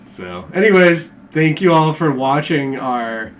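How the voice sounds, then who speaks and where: A man's voice: a little high, expressive, unhurried, a little hiss or hum. A man co-hosting a casual podcast, easygoing, laughing often and trailing off at times. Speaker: podcast co-host.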